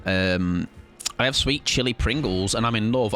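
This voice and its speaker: A man's voice: lowish voice, moderate pace, a bit bright. A young man chatting playfully and joking as he streams a game. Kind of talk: casual live-stream gaming chat.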